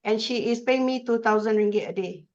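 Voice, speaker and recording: A woman's voice: on the high side, a little fast, highs cut off. A woman trainer with a Malaysian English accent, telling stories emphatically in a casual podcast chat. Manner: animated, emphatic storyteller. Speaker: corporate trainer, podcast guest.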